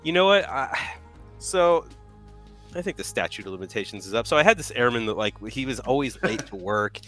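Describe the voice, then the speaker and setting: A man co-hosting a live painting stream, telling stories in a loud, animated way and laughing often. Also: medium pitch, fairly quick, faint music behind. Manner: animated storyteller, acts out yelling, laughs a lot. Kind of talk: casual chat, telling stories.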